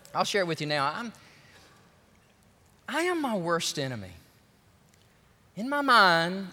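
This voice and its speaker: A pastor preaching to his congregation, animated and joking as he talks straight to them. His slightly high voice is bright, and his pitch swings widely. Long reverb from the church hall trails each phrase. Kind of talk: lively sermon. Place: large church sanctuary.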